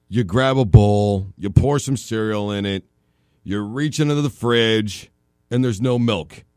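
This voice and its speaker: A medium-pitched man talks casual sports radio from a studio, recorded on a studio microphone with no echo. He's animated and full of jokes, stretching out long comic comparisons.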